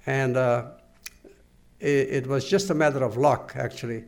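An older man gives earnest, measured oral history testimony. His voice has a gravelly, creaky texture at a middling pitch. He speaks haltingly, pausing and restarting as he searches for words. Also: steady tone. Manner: halting, full of pauses and restarts. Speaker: interviewee.

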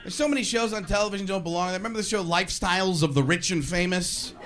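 A man doing a ranting, animated stand-up comedy set on a live stage. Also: high voice, fast. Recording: live club with audience noise.

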